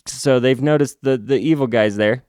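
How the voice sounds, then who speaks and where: A man reviewing a comic book in a casual recap, halting and restarting, with sarcastic asides. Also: mid-range voice, a little mellow, smooth, dry recording, clean studio sound.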